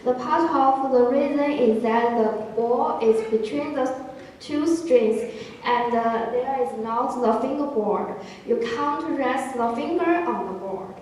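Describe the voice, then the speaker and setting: A woman's voice: high-pitched, a little slow, a little mellow, a little hiss or hum. A woman explaining an instrument to a class, hesitant with many fillers. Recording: echoey hall from far off.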